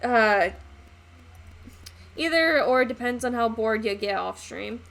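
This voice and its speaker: A woman's voice: a little high, animated, takes it slowly, vocal fry, fairly bright tone. A young woman hosting a live painting stream, chatting casually and thanking viewers as she works. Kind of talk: casual livestream chat.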